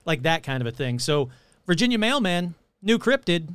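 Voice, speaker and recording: A man's voice: fairly high pitch, sing-song, normal speed, a bit bright, clear, resonant tone, no echo. A man hosting a podcast, reading thanks and chatting in a rambling, self-mocking, playful way. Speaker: podcast host. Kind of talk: casual podcast chat.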